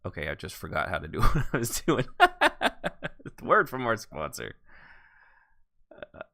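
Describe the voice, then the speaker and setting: A man hosts a relaxed podcast conversation, rambling and poking fun at himself when he loses track. His voice sits low but moves around with plenty of animation. He has a bright, clear tone. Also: normal speed. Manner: rambling, self-deprecating, loses his place. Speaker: podcast host. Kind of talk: casual podcast chat.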